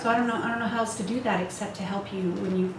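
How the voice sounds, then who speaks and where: Racing along in a medium-pitched voice with fairly even intonation, a woman in her fifties speaks frankly to a women's retreat, laughing often and mocking herself. Her talk is recorded in an echoey retreat meeting room with a far mic and lots of noise.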